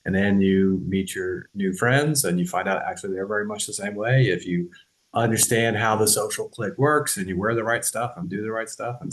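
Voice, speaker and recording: A man's voice: fairly low pitch, low-quality recording. Casual, loose-talking man on a podcast. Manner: loose and conversational, swears, laughs, keeps asking "right?". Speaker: podcast host. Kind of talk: casual explanatory podcast talk.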